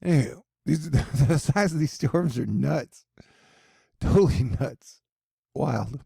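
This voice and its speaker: A man rambles through joking weather commentary in a gravelly, husky voice. His tone is dark and mellow, recorded close and dry with no room sound. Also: mid-range voice, expressive, slow pace, dry recording. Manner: joking, rambling, many asides. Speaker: weather and news video host.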